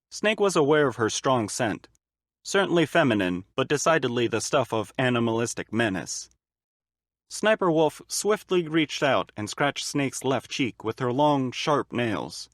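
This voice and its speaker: A male narrator reads a fan-made audiobook in a steady, even storytelling voice at a middle pitch. The sound is dry and close, with no room to it. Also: measured pace, no echo.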